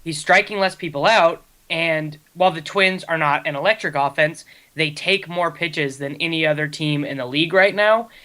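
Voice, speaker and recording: A man co-hosting a fantasy baseball show, talking quickly and analytically in casual chat. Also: on the high side, sharp tone. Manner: quick, analytical, self-deprecating.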